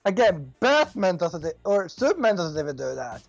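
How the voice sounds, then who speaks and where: Casual podcast co-host, lively pitch, halting delivery, dull audio with faint music. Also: creaky. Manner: loose, halting, trailing off. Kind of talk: casual chat.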